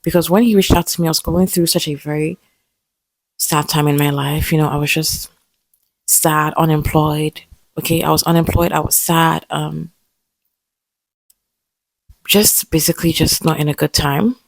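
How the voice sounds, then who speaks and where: A woman's voice: sits low, steady tone, moderate pace, creaky, pauses often, no room sound. A young woman telling a personal story in a chatty vlog, often repeating herself and checking in with "okay?". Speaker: vlogger. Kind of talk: casual storytelling to camera.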